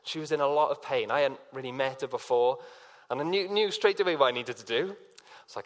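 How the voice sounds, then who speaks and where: A man's voice: mid-range voice, a little fast. A man preaching a sermon in a conversational way, telling personal stories and acting out quotes with many fillers.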